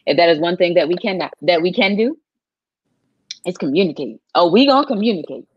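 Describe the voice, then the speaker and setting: A woman's voice: on the low side, animated, a little fast, dull audio, a little hiss or hum. A woman guest on a casual faith podcast, talking in a frank, joking, emphatic way.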